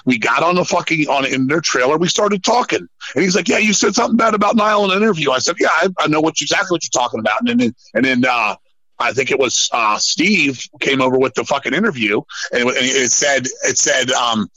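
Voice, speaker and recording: A man from Virginia who fronts a metal band, telling road stories as a podcast guest in a rambling, profane, animated way. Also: medium pitch, a little fast, dry recording, low-quality recording. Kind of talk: casual storytelling chat.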